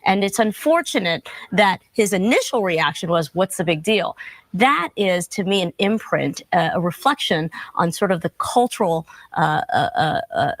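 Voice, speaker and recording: A woman speaking as a commentator in a broadcast news discussion, earnest and measured as she explains. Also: on the low side, lively intonation, no room sound.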